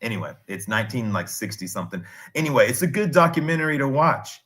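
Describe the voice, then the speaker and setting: A man's voice: mid-range voice, animated, quick pace, fairly bright tone. A man in his thirties chatting casually on a stream, telling rambling, digressive stories with restarts. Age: 30s.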